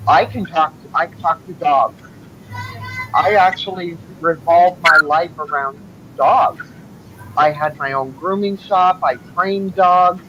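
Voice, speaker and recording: A woman's voice: lowish voice, slow pace, fairly bright tone, highs cut off, slight background noise. A woman guest talking earnestly in a casual chat.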